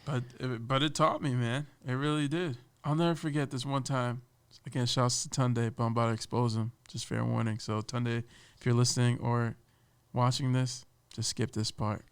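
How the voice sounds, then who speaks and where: A man chatting on a podcast, spinning an animated story about an old job. His voice is smooth and resonant, with a middle pitch for a man. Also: moderate pace. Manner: lively, animated, slips into voices of people he quotes. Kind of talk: casual storytelling chat.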